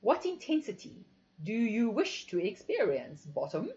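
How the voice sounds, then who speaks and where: A woman's voice: medium pitch, wildly swooping pitch, unhurried, mellow. A woman voicing a sultry, commanding female instructor who gives teasing, authoritative instructions. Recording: dull lo-fi recording.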